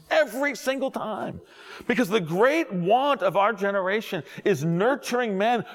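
A middle-aged man, a pastor, preaching a sermon with jokes and quick asides to his audience. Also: on the high side, fairly bright tone, in a large hall. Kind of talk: sermon to young adults.

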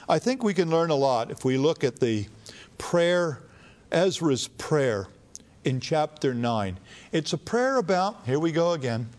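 A man's voice: a little high, darkish tone. Conversational man teaching a sermon. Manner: conversational Bible teaching, rising emphatic when reading prayers. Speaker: preacher.

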